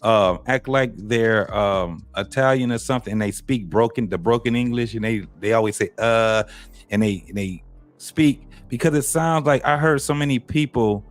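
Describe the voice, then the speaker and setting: A man chatting as a co-host, opinionated and rambling, and his voice jumps up when he gets animated. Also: medium pitch, normal speed. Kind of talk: casual conversation.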